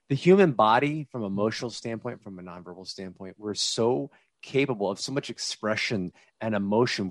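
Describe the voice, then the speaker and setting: A man who once taught communication, a guest in a conversational interview, explaining in an animated, lecturing way. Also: medium pitch, dry recording. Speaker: guest, former communication teacher.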